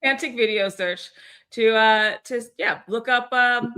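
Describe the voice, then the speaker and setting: A woman's voice: a little high, measured pace, sharp tone, smooth. A woman co-hosting a weekly community call in casual, bubbly chat, laughing often and swearing now and then.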